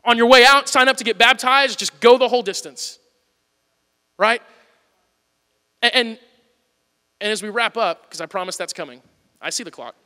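A man preaching a sermon in a church, earnest, moving between loud urging and quiet pleading. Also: very high voice, moderate pace, long pauses, big-room sound. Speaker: pastor. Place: church auditorium.

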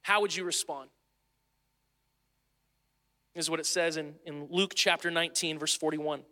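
A man's voice: on the high side, steady tone, normal speed, long pauses, sharp tone. A man preaching a sermon in an earnest, conversational way, sometimes restarting his phrases. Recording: long hall reverb.

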